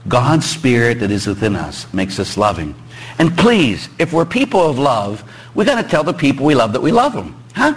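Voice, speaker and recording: Lively animated priest preaching. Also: male voice, moderate pace, slightly rough, rough recording. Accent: Pittsburgh. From Pittsburgh. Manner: animated, joking with congregation, rising emphatic pitch. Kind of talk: sermon. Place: church.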